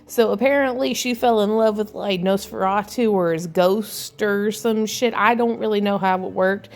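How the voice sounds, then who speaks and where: A woman's voice: medium pitch, steady tone, moderate pace, a little mellow. A woman giving a casual spoiler-filled movie recap in a crude, sarcastic, irreverent way. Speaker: movie reviewer.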